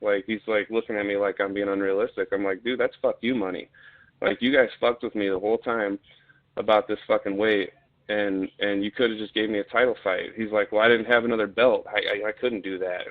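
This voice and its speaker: Guy ranting about a fight, cussing a lot, low flat voice, sounds like over the phone. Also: brisk. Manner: profane, blunt, heated. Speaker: podcast guest, fighter. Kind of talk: casual storytelling. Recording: tinny phone-like line.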